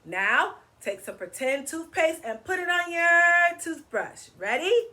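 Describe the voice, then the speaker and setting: A woman's voice: high voice, very animated, moderate pace, hardly any pauses, bright, forceful tone. A woman hosting a children's read-aloud, singing, asking questions and coaxing kids to move along with her. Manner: playful, coaxing, asks kids to join in. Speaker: children's story time host.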